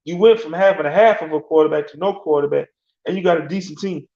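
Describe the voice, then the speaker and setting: Rambling man, gravelly, echoey room. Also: on the high side, quick pace, a little mellow. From Alabama. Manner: loose, slangy and rambling, laughs often. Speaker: sports talk host. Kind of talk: casual sports rant. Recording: echoey room, dull lo-fi sound.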